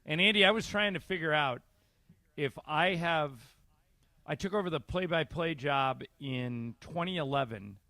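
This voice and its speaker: A male play-by-play announcer chatting casually on sports talk radio, telling stories in a measured way. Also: a little high, sharp tone, no room sound. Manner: conversational, storytelling, measured. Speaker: basketball play-by-play announcer and show regular.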